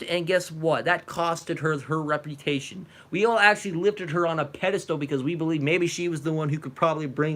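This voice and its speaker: A man in a furious, foul-mouthed reaction rant, with a high and sharply bright voice. He swings from low grumbling to outright shouting, cursing freely as he tears into what he's watching. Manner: furious and profane, at times shouting. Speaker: reaction video host. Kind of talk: angry rant reacting to a clip.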